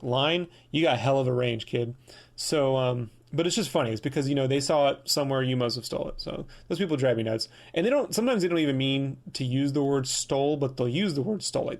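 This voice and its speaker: Gravelly guy ranting on his podcast, swears a lot, mocks people in silly voices. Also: mid-range voice. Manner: profane, animated ranting with mocking put-on quotes. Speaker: podcast host. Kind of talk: casual ranting monologue.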